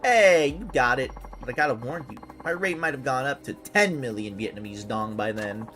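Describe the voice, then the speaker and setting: A woman's voice: a bass voice, moderate pace, fairly bright tone, soft background music, pitched below the performer's own voice. A woman voicing a wry, easygoing young male bodyguard who makes dry jokes. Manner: dry, joking.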